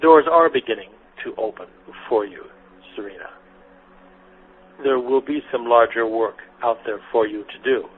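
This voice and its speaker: A man working as a spiritual teacher, giving gentle guidance and answering listeners' questions in a soothing, repetitive way, calling them honey and sweetie. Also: medium pitch, normal speed, husky. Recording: phone-like lo-fi radio recording with faint noise.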